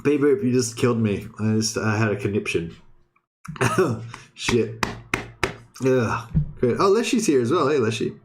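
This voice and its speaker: A young man hosting a livestream, talking loosely to his chat at a middling pitch. He rambles, restarts his sentences and swears offhandedly, in a relaxed, casual way. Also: normal speed, a little hiss or hum. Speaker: streamer.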